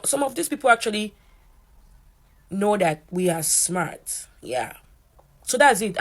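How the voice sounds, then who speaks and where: A young woman from Africa, a college student, ranting to camera in an animated storytime. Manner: animated, voices quotes in a higher pitch.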